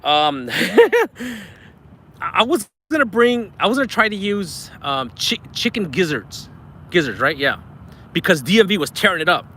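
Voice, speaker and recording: A man's voice: high-pitched, sing-song, normal speed, bright, forceful tone, husky. A man hosting a live fishing stream from a riverbank, chatty, thankful and a bit out of breath. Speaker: fishing livestream host. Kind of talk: live-stream chat reading super chats. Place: outdoors at a riverbank.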